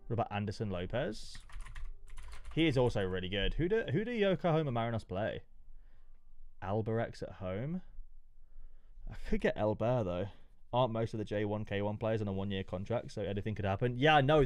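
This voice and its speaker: A young man casually chatting to his live stream chat, excitable, going from mumbles to yelps. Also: mid-range voice, no echo, clean studio sound. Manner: excitable, swings between mumbling and yelping.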